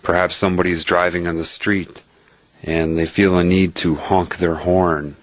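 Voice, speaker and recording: A man's voice: deep voice, little pitch movement, normal speed, no room sound. A man giving an earnest spiritual monologue in the form of a personal story, explaining his points step by step and checking in with "right?".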